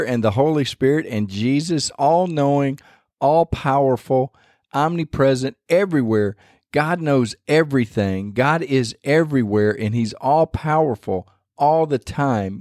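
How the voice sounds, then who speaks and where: A man's voice: mid-range voice, a little mellow, no room sound, studio quality. A man hosting a devotional podcast, talking in a rambling, conversational way with many restarts. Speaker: podcast host.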